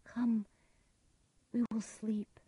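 A woman voicing a cold, controlling queen who speaks in hushed, urgent tones, in a storybook reading. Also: a little high, a little slow, husky, no echo, voice pushed up.

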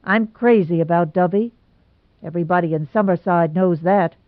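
A woman's voice: lowish voice, normal speed, no room sound, natural voice. A woman voicing a gloomy, lovesick young man, earnest and emphatic as he pours out his woes. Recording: tinny phone-like sound, dry.

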